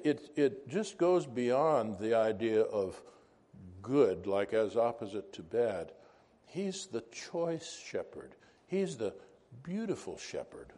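A man's voice: medium pitch, a little mellow. A man teaching an informal Bible class, conversational and wandering into asides, asking the class questions.

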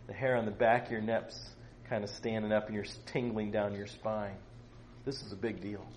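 A middle-aged man teaching from the Bible to a small group, acting out quotes loudly and joking with his listeners. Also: medium pitch, muffled recording, a little hiss or hum. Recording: echoey room with faint ambience.

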